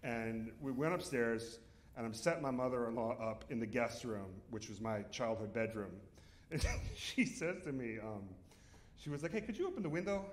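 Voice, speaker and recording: A man's voice: mid-range voice, normal speed, reverberant. A man telling a comic story on stage at a live storytelling show, laughing through his own lines.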